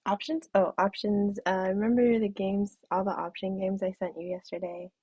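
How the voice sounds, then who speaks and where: A woman's voice: medium pitch, level tone, normal speed, darkish tone, husky, dry recording. A young woman chatting casually on her live stream, giggly, with a throat that feels off and the odd whispered aside. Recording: dull, muffled stream audio.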